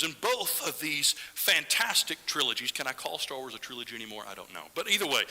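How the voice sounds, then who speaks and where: A man preaching a sermon in a church, animated and sometimes dropping to a hushed whisper for emphasis. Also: sits high, big-room sound, poor audio. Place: church sanctuary.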